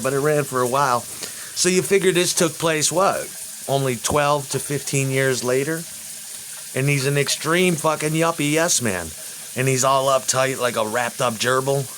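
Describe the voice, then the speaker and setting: A man's voice: medium pitch, a bit bright, a little hiss or hum. A man ranting in a rambling, profane monologue, swearing heavily and chuckling between complaints. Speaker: vlogger.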